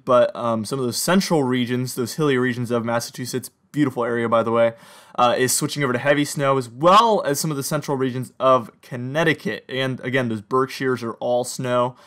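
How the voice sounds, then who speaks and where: A young man with a slight Southern American accent giving a chatty, upbeat weather forecast, walking viewers through radar maps. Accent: slight Southern or Mid-Atlantic American. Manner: upbeat, chatty, talks straight to viewers with lively pitch jumps.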